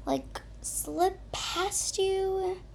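A woman's voice: very high-pitched, drawn-out words, creaky, a little mellow, a little hiss or hum, pitched above the performer's own voice, exaggerated voice. A woman voicing Lice Comb, a timid female lice comb, an outsider who pleads and whines. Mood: whiny. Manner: pleading, whiny.

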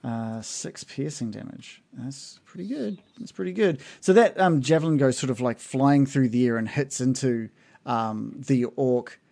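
A man narrating a tabletop role-playing game as game master, in a relaxed, hesitant way with many fillers. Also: medium pitch, a little slow, vocal fry.

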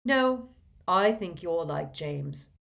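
A woman voicing a sober, measured grown man wizard in a storybook reading. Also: lowish voice, expressive, creaky, a bit bright, full character voice.

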